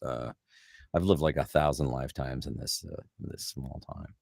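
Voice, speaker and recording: Man, very low voice, middle-aged, casual interview guest, rambling, laughing, dry close sound. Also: moderate pace, gravelly, darkish tone, breathy edge, dry recording. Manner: rambling storyteller, laughs often. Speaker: voice actor guest.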